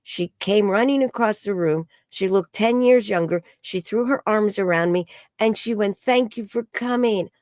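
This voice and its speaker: A woman, an energy healer and psychic, telling a story in an interview and acting out the quoted dialogue in a higher voice. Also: normal speed, few pauses, no echo, studio quality. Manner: acts out quoted dialogue with high bright voices.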